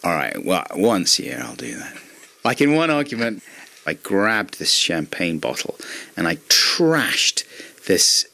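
A middle-aged man telling comic anecdotes as a radio guest, acting out his own shouting. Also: deep voice, very animated, measured pace, vocal fry.

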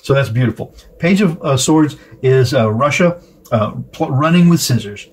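A man giving a casual tarot reading to camera, halting now and then and chatting with his viewers. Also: mid-range voice, expressive, darkish tone, husky. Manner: halting, frequent fillers and restarts; chatty, asks viewers to comment. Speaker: tarot reader.

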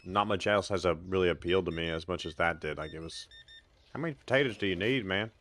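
A man's voice: low-pitched, fast, a bit bright. A man casually commenting on his own gameplay on a live stream, chatting with viewers and making sarcastic asides.

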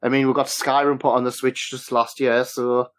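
A man's voice: medium pitch, little pitch movement, moderate pace. A man hosting a casual podcast chat, hesitant with many restarts. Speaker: podcast host.

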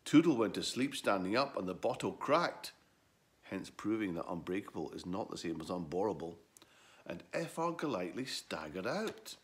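A man with a low voice reads a children's story aloud. His delivery swoops up and down expressively, keeping the tale lively. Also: normal speed.

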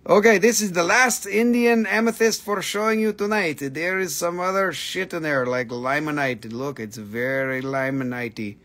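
A man hosts a livestream selling minerals, joking, acting goofy, and swearing often in playful chat. His voice is on the high side and fairly bright, moving at a normal speed with few pauses.

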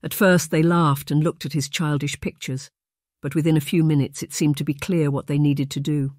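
Audiobook narrator, steady reading, middle pitch, dry studio sound. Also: moderate pace, dry recording.

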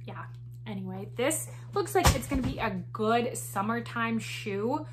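A woman vlogger reviewing shoes in casual chat, excitable and giggly, full of "like" and "um", a bit out of breath. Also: on the high side, a little slow, over loud music. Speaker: fashion vlogger. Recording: echoey indoor room.

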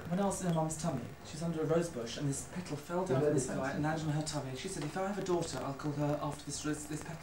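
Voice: mid-range voice, very fast, hardly any pauses, echoey room, recorded from a distance, background noise. A speaker telling jokes at home and acting out the characters. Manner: animated storyteller who acts out the characters. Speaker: joke teller.

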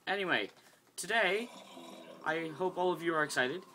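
A woman's voice: lowish voice, lively intonation, normal speed, sharp tone, a little hiss or hum. A woman hosting a casual, rambling game tutorial, chatting and getting sidetracked as she builds. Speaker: video game tutorial host.

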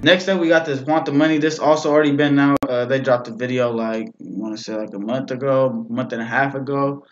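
A young man giving casual reaction commentary, relaxed and slangy, leaning on "bro" and "man" as he talks. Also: mid-range voice, fairly quick, hardly any pauses. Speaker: reaction video host. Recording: dull lo-fi recording. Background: faint rap music playing.

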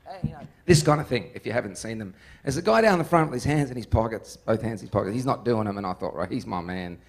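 A man's voice: mid-range voice, quick pace. Joking man telling stories. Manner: animated, joking, laughs often. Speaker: musician guest. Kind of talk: casual interview storytelling.

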